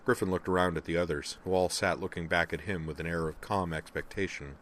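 A man narrating a novel as an audiobook, in a steady storytelling delivery. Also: sits low, fairly quick. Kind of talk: scripted narration.

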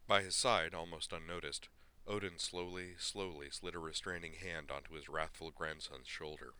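Deep-voiced man reading a story. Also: steady tone, moderate pace, hardly any pauses, pushed and bright, clear, resonant tone. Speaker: narrator.

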